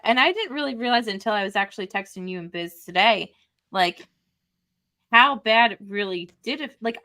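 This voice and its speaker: A woman with a bright, forward voice co-hosting a casual podcast. She speaks openly and with feeling about her own experiences, in a conversational flow. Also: medium pitch. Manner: candid, emotional personal sharing. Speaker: podcast co-host. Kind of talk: casual chat.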